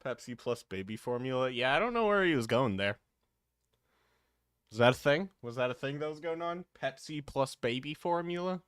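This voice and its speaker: A man's voice: mid-range voice, lively intonation, normal speed, fairly bright tone, clear, resonant tone, dry recording, clean studio sound. A man hosting a livestream, talking casually and hesitantly with many fillers. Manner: rambling, hesitant, full of fillers. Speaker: livestream host.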